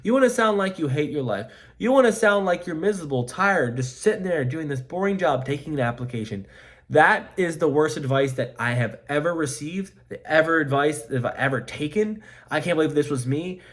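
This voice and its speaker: A man's voice: a little high, expressive, brisk, a bit bright. A man coaching life insurance sales in an emphatic, repetitive pep-talk to camera. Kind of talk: motivational coaching monologue to camera.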